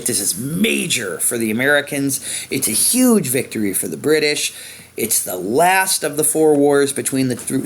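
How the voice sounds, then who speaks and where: A man's voice: medium pitch, a bit bright. A man teaching a history lesson in a conversational way, with frequent fillers while he points at a map. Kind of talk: informal lecture.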